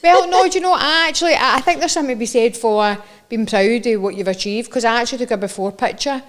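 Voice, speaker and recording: A woman's voice: on the high side, quick pace. A young woman with a Scottish accent, co-hosting a podcast in casual, teasing chat and laughing often. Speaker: podcast co-host.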